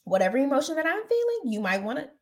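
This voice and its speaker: A woman's voice: sits high, very animated, fast talker, a little mellow. A woman hosting a podcast, chatting casually and giving outspoken, emphatic advice. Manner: outspoken, emphatic, repeats phrases for effect. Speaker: podcast host.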